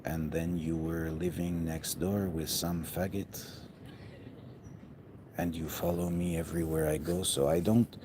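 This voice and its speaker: A man's voice: low voice, flat delivery, measured pace. A man from Canada delivering a hesitant, bitter, rambling monologue aimed at someone who is not there. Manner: hesitant, bitter, addressing an absent person. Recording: noisy ambient background.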